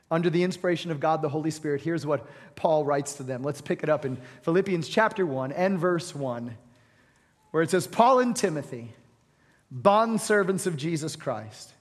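A man preaching a sermon as pastor, retelling a story with dramatic swings from loud proclamations to hushed near-whispers. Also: on the high side. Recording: reverberant hall.

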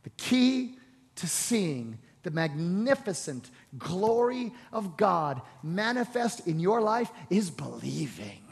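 A man preaching a sermon, retelling a Bible story with voiced lines and building to loud, shouted exhortation. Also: high voice, very animated, slow, vocal fry, husky. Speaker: pastor. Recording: long hall reverb.

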